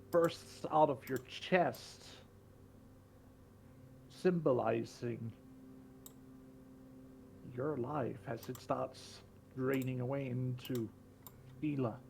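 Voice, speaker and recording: A man narrating a tabletop role-playing game as game master, describing scenes slowly with fillers. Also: medium pitch, creaky, a little hiss or hum.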